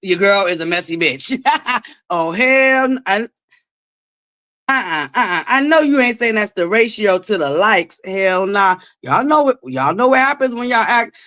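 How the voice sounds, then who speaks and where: A woman hosting a casual gossip commentary vlog, sassy and profane, scolding her viewers and swinging from low asides to loud exclamations. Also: lively intonation, a little slow. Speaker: commentary vlogger.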